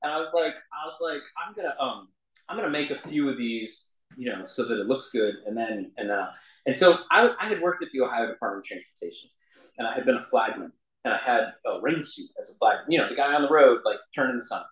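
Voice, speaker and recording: A man's voice: medium pitch, animated, fast, a bit bright. A man sharing his recovery story in a self-deprecating way, often laughing at himself. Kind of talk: personal storytelling talk. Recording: roomy echo.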